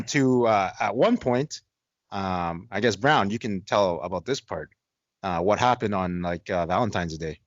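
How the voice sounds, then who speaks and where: A man co-hosting a podcast, telling a story in casual chat and jumping up in pitch when he quotes people. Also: measured pace, dry recording, highs cut off. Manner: animated, swings into high-pitched quoting. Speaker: podcast co-host.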